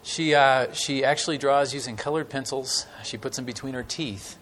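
A man's voice: medium pitch, fairly even intonation, a bit bright, slight background noise. A conversational male preacher. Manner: conversational, many fillers, dramatic pauses. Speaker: guest preacher. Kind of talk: sermon with stories. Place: church.

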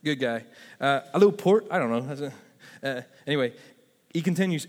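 A man's voice: fairly high pitch, animated, brisk, in a large hall. A man preaching a sermon as pastor, conversational and full of asides and self-corrections.

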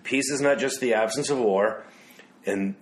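A man co-hosting a casual discussion show, reflective and quick to laugh as he reads quotes aloud. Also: medium pitch. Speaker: podcast co-host. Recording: roomy echo.

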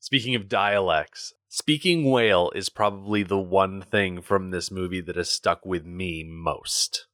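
Casual movie talk comes from a male podcast co-host whose voice sits low and is a bit bright. He speaks unhurriedly with few pauses, and the studio-quality recording has no room sound.

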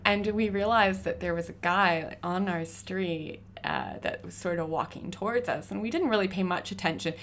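A woman in her thirties, a graffiti artist, telling stories in a casual interview with lively, laughing energy. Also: on the low side, moderate pace, few pauses, slight background noise. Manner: animated, laughing storyteller.

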